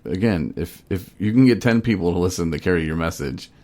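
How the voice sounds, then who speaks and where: A man's voice: low voice, expressive, brisk, dark tone, no room sound. A man hosting a podcast, telling stories in a rambling, laid-back, casual way. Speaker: podcast host.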